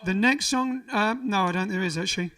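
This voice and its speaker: Bright-voiced man hosting from afar. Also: high-pitched, fast. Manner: rambling, reads out viewer comments with asides. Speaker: band frontman and livestream host. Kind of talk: casual livestream chat between songs. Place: living room. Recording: voice a little far from the mic, faint music behind.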